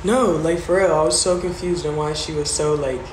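Animated woman telling a story on a livestream. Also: low-pitched, moderate pace. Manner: animated retelling, acting out quoted voices, swears freely. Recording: roomy with background noise.

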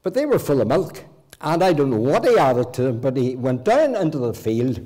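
A man's voice: mid-range voice, big pitch swings, normal speed, mellow. Elderly Northern Irish preacher in his eighties. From Northern Ireland. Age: 80s. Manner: homely anecdotes with occasional restarts. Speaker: guest preacher. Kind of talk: folksy storytelling sermon. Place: church.

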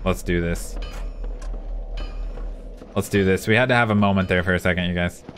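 Over background music, a male streamer narrates his own game live at a moderate pace. His low-pitched voice is a bit bright, and he vents frustration while talking to himself and his chat.

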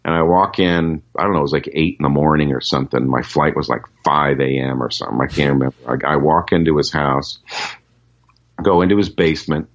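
A man's voice: a bass voice, fairly even intonation, a little fast, lo-fi sound. A man, a session guitarist, telling anecdotes in a casual interview, rambling with lots of fillers and restarts.

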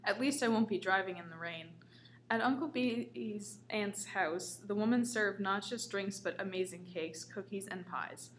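A woman's voice: mid-range voice, unhurried, a bit bright, a little hiss or hum. A woman reading a comic story aloud in a casual way, with small stumbles. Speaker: story reader.

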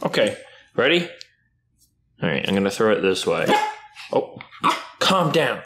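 A man chatting casually on camera while playing with his puppy, playful, often jumping up into high baby-talk at the dog. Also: big pitch swings, a little slow, long pauses, fairly bright tone. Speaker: YouTuber filming his dog. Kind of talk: casual vlog chat with a puppy.

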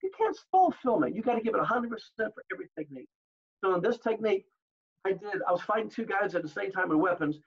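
An older man telling stories as an interview guest, animated, acting out the exchanges he recalls. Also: high voice, quick pace, vocal fry, slightly rough, lo-fi sound. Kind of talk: storytelling in an interview.

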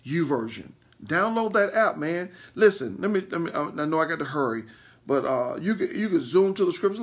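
A man, a pastor, teaching a Bible lesson with emphatic repeats and frequent "okay?" check-ins to his listeners. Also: a little fast. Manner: animated, swings between loud bursts and low asides.

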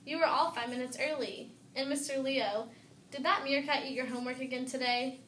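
A woman's voice: high voice, steady tone, a little fast, fairly bright tone, roomy sound, slight background noise. A woman voicing a skeptical male dog teacher in a storybook.

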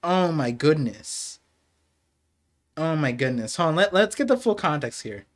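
Young man, live stream reaction, excitable, unhurried, slightly high voice. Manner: excitable, laughing, swings to subdued reflection. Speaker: streamer reacting to a manga chapter.

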